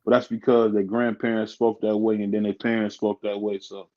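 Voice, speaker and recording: A man hosting a stream in casual chat, talkative and quick to laugh. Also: fairly low pitch, level tone, mellow. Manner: chatty, laughs often. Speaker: stream host. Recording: dull lo-fi audio.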